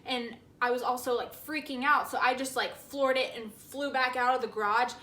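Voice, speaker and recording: Bright-voiced young woman telling a story. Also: sits high, moderate pace, slight background noise. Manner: animated storytelling, acting out quotes with laughs. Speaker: vlogger. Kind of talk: storytime vlog. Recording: roomy echo.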